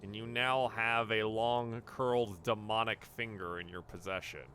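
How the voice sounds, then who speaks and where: A man narrating as dungeon master in a lively, playful way. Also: lowish voice, normal speed, slight background noise. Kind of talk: narrating a tabletop game.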